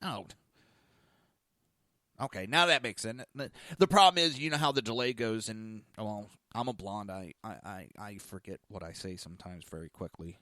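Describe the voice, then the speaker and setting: A man hosting a talk podcast, delivering a blunt, crude monologue that swings between loud ranting and low, muttered asides. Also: normal speed, no room sound, clean studio sound. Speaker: podcast host. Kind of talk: opinionated talk show monologue.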